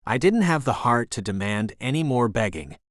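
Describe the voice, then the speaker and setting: Expressive male audiobook narrator. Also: medium pitch, moderate pace, no room sound, studio quality. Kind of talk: first-person audiobook narration.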